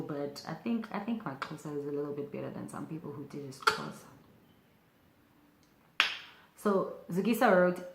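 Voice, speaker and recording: A young woman teaching a casual video language lesson, chatty and animated, with bursts of excitement and many fillers. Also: low voice, echoey room, a little hiss or hum.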